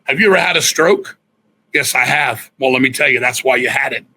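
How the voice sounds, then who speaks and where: A middle-aged man, a guest musician, telling stories in a blunt, profane, animated way. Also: mid-range voice, brisk, poor audio. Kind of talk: casual storytelling interview.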